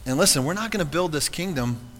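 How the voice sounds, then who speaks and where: A man's voice: on the high side, animated, quick pace, fairly bright tone, long reverb tail. A man preaching a sermon to his congregation in a church, earnest and conversational, often asking rhetorical questions. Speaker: pastor. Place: church sanctuary.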